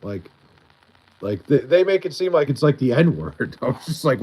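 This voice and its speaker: A man's voice: mid-range voice, very animated, moderate pace, dark tone, slightly rough, rough recording. Long island dude rambling to his stream chat, like like like, super casual. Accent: Long Island New York. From Long Island, New York. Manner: rambling, heavy use of "like" and restarts. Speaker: livestreamer. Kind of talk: casual livestream chat, reading chat aloud.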